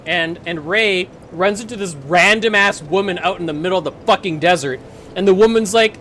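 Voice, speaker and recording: A young adult streamer ranting casually while playing a video game, swearing freely and breaking into loud bursts of laughter. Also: mid-range voice, lively intonation, normal speed, slight background noise. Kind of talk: casual rant while gaming.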